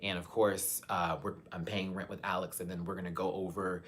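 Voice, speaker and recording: A young man from Texas, hosting a live chat and talking frankly to his viewers, his voice swinging between soft and loud. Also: low-pitched, little pitch movement, brisk, a little hiss or hum. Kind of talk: candid live-stream talk to viewers.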